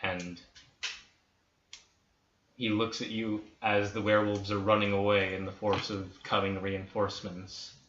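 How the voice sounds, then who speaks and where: A man running a tabletop game, narrating scenes in a hushed, dramatic way. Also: lowish voice, flat delivery. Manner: slow, hushed dramatic storytelling. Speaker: dungeon master. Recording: roomy, dull lo-fi with faint hiss.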